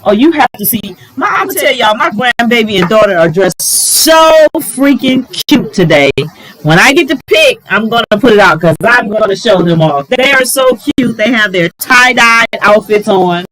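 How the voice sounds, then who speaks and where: A middle-aged woman giving relationship advice in a casual, animated vlog, exclaiming and talking straight to her viewers. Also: a little high, moderate pace, low-quality recording. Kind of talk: casual advice talk to camera.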